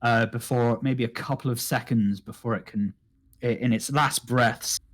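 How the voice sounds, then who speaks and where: A man narrating a tabletop game as game master, halting with many restarts. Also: mid-range voice, steady tone. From United Kingdom.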